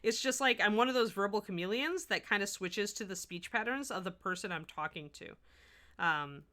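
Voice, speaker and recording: Bright-voiced woman painting on stream. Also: medium pitch, normal speed. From Midwest US. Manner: chatty, talks while working, restarts sentences. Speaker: miniature painting host. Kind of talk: livestream painting tutorial, answering chat.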